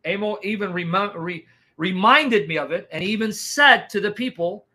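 An animated man recounting a gospel testimony, bouncing between hushed asides and sudden bursts. His voice is high and bright with a tense edge. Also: moderate pace. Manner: animated, dramatic, acts out reactions. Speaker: evangelist. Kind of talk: testimony storytelling.

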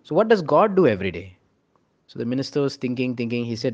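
A man, giving a sermon with a story, earnest and animated, often asking "right?". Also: mid-range voice, fast, dull audio. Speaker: monk preacher.

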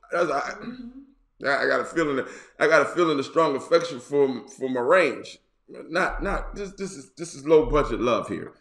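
Male bishop, hoarse, playful with loud outbursts, higher voice, roomy echo. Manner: playful, joking, drawn-out repeats and sudden loud bursts. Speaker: bishop and pastor. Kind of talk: casual online sermon.

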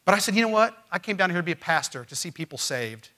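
A man preaching a sermon as pastor, emphatic and swinging from loud, rising lines to quiet ones. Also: high voice, animated, fast. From Missouri. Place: church.

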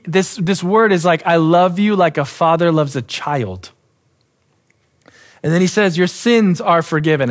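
A man pastor preaching a sermon, acting out quoted voices and dropping soft for emphasis. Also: high-pitched.

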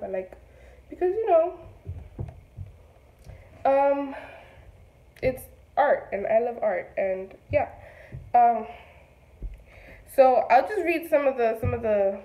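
A woman unboxing on a casual vlog, gushing and excitable, trailing off with fillers. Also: fairly high pitch, echoey room, highs cut off. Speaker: beauty vlogger.

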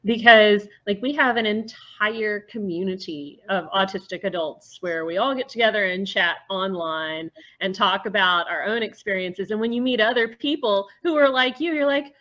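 A woman's voice: mid-range voice, normal speed, hardly any pauses. Woman host from the South on dull audio. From American South. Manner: warm agreeing listener, frequent affirmations. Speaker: podcast host. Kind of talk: casual interview chat.

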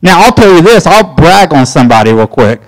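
A man leads a church Bible class in a folksy, conversational way. His voice sits a little higher than most men's. He climbs even higher and gets insistent when he drives a point home. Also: a little fast, rough recording. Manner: folksy, emphatic, rising pitch when pressing a point. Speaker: Bible study teacher.

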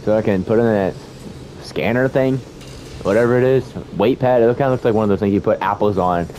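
A man's voice: lowish voice, a little fast, a little mellow, a little hiss or hum. A young man commentating a horror game, talking to himself, swearing and panicking at scares. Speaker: gamer playing a horror game. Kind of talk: let's-play commentary.

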